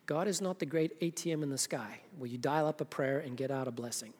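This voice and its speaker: A man preaching a sermon, moving between emphatic urging and hushed, intimate softness. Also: mid-range voice, brisk, slightly rough. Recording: long hall reverb.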